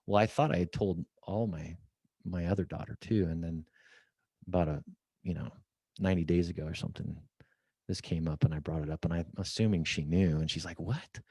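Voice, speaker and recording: A man's voice: deep voice, fairly quick, husky, no echo. A middle-aged man, a podcast guest, telling a story and acting out the dialogue from it. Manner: lively storyteller, acts out quoted dialogue. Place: office at company headquarters.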